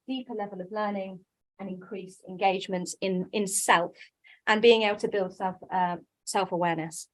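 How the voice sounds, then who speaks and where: A woman giving a conference talk on coaching, lively and self-deprecating, with quick quoted asides. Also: medium pitch, low-quality recording. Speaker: coaching speaker.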